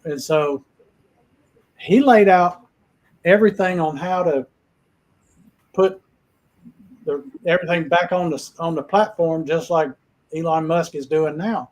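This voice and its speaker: Brief: male host, folksy rambling storyteller, slightly higher pitch. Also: a little slow, pauses often, rough recording. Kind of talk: casual livestream chat.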